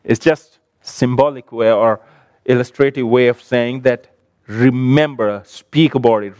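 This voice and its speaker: A man preaching a sermon in a measured, emphatic cadence, building repeated phrases, and closing with a prayer. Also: medium pitch, fairly even intonation, a little mellow, clear, resonant tone, no room sound, clean studio sound.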